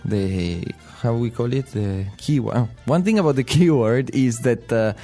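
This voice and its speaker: A man's voice: medium pitch, moderate pace, dark tone, faint music behind. A man with an Italian accent, a native Italian speaker co-hosting a language podcast, searching for his English words with frequent chuckles. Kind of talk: casual teaching chat.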